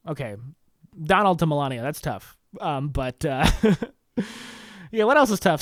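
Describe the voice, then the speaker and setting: A man's voice: a little high, very animated, normal speed, pauses often, no room sound, clean studio sound. A young man hosting a comedy podcast alone, riffing sarcastically in mock-pleading bits and laughing at his own jokes. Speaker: podcast host. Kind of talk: solo comedy monologue.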